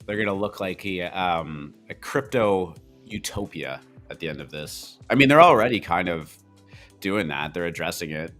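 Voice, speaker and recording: A man's voice: deep voice, fairly bright tone. A man with a Canadian accent co-hosting a podcast, talking bluntly in a rambling, casual way full of fillers. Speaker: co-host.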